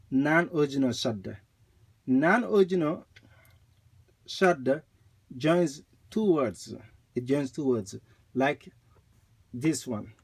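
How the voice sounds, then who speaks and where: A man teaching Quran recitation rules, explaining slowly and repeating points, with recited examples. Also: fairly high pitch, slightly rough.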